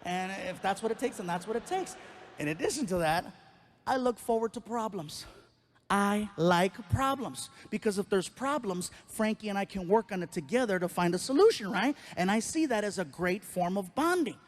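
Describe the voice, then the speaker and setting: A man's voice: high voice, normal speed, slight background noise. A man doing stand-up comedy on a live stage, telling a story and acting out his son in voices. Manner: animated, acts out his teenage son in voices. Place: live stage before an audience.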